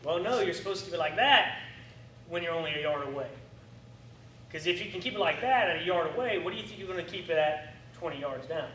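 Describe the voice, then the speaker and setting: High-voiced firearms instructor in echoey room. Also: male voice, fast. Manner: animated, coaching, acts out student reactions. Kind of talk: classroom instruction. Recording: echoey room, distant mic, faint noise.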